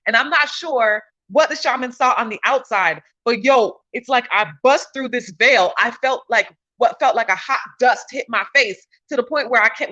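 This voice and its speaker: A woman in casual spiritual storytelling, animated and slangy, swearing freely. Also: a little high, dull audio.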